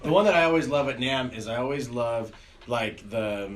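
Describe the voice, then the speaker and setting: A man's voice: mid-range voice, lively intonation, moderate pace, a crowd in the background. A man in a casual group chat in an office, laid-back and agreeable, laughing often. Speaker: band member.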